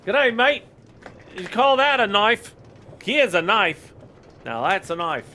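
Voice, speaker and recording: A man's voice: sits high, sing-song, slow, sharp tone, a little hiss or hum, voice pushed up, heavily acted. A man putting on a broad mock Australian accent as a swaggering, jokey bushman. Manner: broad playful impression, swaggering quips. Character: hearty male Australian bushman, cocky and jokey.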